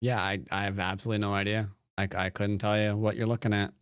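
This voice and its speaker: A somewhat low-pitched man talking casually into a close mic, his voice dry with no room around it. He commentates a game of Go and banters with viewers, playful and jokey, tumbling over restarts. A tired edge runs through it. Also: level tone, fast talker, clear, resonant tone, no room sound. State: tired from little sleep. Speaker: Go player and teacher streaming a game. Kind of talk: casual live-stream commentary answering chat.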